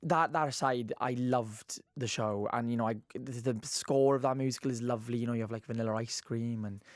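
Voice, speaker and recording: A man's voice: mid-range voice, steady tone, brisk, no echo. Young man, Welsh Valleys accent, radio guest, chatty and gushing, dry close studio sound. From Wales. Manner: chatty and gushing, laughs often, many fillers. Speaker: guest actor. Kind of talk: casual radio interview chat.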